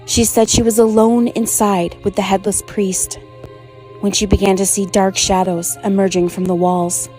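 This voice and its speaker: A woman giving scripted narration of a spooky legend in a steady, measured way. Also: mid-range voice, faint music behind.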